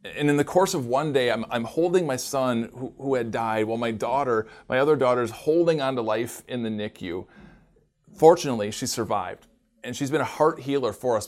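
A man hosting a devotional program, speaking earnestly and gently as he shares a personal testimony. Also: mid-range voice, moderate pace. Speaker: devotional show host.

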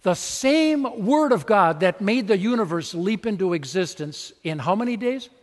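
Animated preacher man in a reverberant church. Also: high voice, normal speed. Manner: conversational and animated, acting out little scenes. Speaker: pastor. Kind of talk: sermon.

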